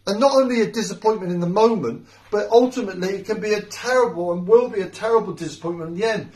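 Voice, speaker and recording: This middle-aged man speaks fast in a high, darkish voice while preaching an earnest, informal sermon at home, repeating key phrases for emphasis. He's a house church preacher, recorded on a distant mic with roomy sound.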